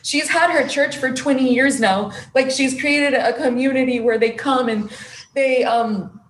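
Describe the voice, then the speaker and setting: A woman's voice: high voice, unhurried, reverberant, slight background noise. A young adult woman, a podcast guest, telling her personal story with emotion and acting out what others said. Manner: emotional, animated storyteller who acts out quotes.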